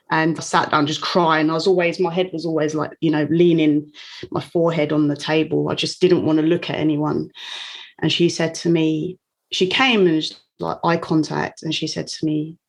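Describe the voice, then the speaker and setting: A woman speaking as an interview guest, telling a personal story in a candid, open way. Her delivery is warm and unguarded, with soft laughs slipping in between phrases. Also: low voice. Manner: warm, open, frequent light laughs while recounting. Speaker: guest, coach.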